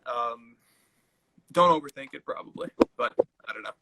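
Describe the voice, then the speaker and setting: A man's voice: mid-range voice, moderate pace, heavy background noise. A man co-hosting a casual live-stream chat, thoughtful and easygoing. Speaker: co-host.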